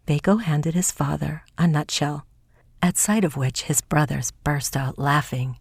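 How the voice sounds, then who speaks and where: Woman narrator, husky, low voice, soft hushed storybook reading, dry close sound. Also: measured pace, no room sound. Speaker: audiobook narrator.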